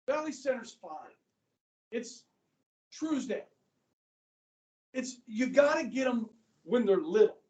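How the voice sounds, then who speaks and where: A man's voice: very high voice, darkish tone, distant mic. Fifty-something guy teaching a class, chatty, keeps asking the kids if they follow, echoey room, mic way off. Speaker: high school government teacher. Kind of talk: classroom lecture.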